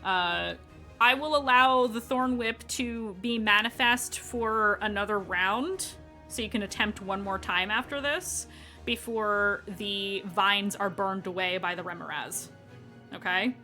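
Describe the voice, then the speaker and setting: A woman running a tabletop game as dungeon master, with a bright, clear tone. She explains rulings and checks in with her players in a friendly, casual way. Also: medium pitch, unhurried, faint music behind.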